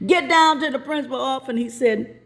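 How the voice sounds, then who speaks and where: A woman telling a comic childhood story in a lively, colloquial way. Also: sits high, brisk, vocal fry.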